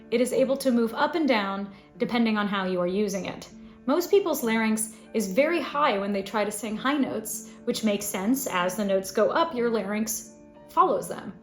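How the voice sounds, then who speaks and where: A woman voice teacher giving a scripted singing lesson, explaining clearly and now and then demonstrating sounds. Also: a little high, echoey room. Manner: clear instructive delivery with sung demonstrations.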